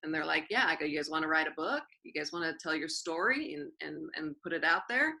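A woman teacher speaks in a low voice with a gravelly edge and a bright, forceful tone. She tells her stories at length in an interview and slips into quoted dialogue as she goes. She often circles back and repeats her key phrases. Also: brisk, poor audio. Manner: lively storyteller who acts out quoted dialogue and repeats phrases. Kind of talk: storytelling in an interview.

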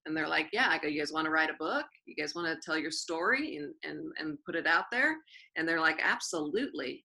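A woman teacher answers interview questions in an earnest, animated storytelling way, often restarting her sentences. Her voice sits low with a gravelly fry, yet it sounds bright and forceful. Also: fairly quick, rough recording.

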